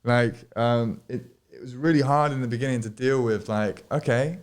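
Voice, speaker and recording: A man's voice: medium pitch, fairly even intonation, moderate pace, hardly any pauses. A man chatting casually as a podcast guest, rambling with lots of fillers and restarts and swearing freely. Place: studio.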